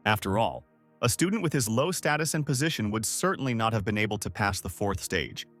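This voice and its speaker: A man's voice: on the low side, expressive, brisk, a bit bright. Dramatic male recap narrator over music. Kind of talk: scripted story recap narration. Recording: faint background music.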